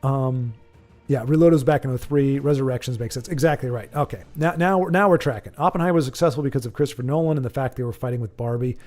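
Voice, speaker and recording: A man hosting a casual livestream, reading viewer comments aloud and rambling off on animated tangents with lots of restarts. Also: medium pitch, quick pace, faint music behind. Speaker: livestream host.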